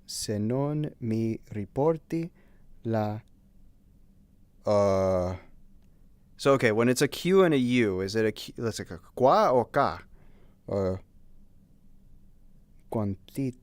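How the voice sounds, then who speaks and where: A man's voice: fairly low pitch, lively intonation, takes it slowly, pauses often, no echo. A man streaming and chatting casually, giggling and mocking himself as he goes. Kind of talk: casual gaming stream chat.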